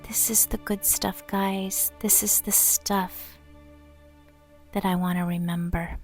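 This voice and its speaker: A middle-aged woman narrating a soft, wistful voice-over for her vlog. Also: medium pitch, little pitch movement, slow. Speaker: vlogger. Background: clear background music.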